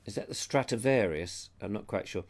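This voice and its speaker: A man's voice: fairly low pitch, animated, brisk. A middle-aged man hosting a casual live chat, reading viewer comments aloud and reacting to them. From Britain. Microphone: lapel mic.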